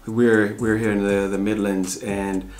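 Low-voiced American man, halting chat. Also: level tone, a little mellow. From Arkansas, USA. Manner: halting, repeats words and restarts often. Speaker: family vlog co-host. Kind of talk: casual Q&A chat.

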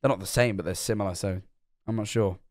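A man's voice: fairly low pitch, steady tone, fast talker, dry recording. A young man casually commenting while reacting to a video, chatty and self-mocking, stumbling over words.

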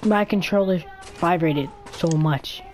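A woman chatting casually while gaming with a friend, stammering and breaking into sudden shouts. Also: lowish voice, a little slow. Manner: stammering, excitable, shouty outbursts. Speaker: gamer streaming with a friend. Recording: faint background noise.

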